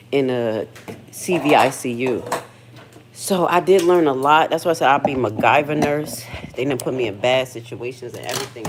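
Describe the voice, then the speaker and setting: An extremely low-pitched voice comes through a noisy background. It's a middle-aged woman hosting a relaxed kitchen livestream, candidly telling emotional stories and swearing frequently.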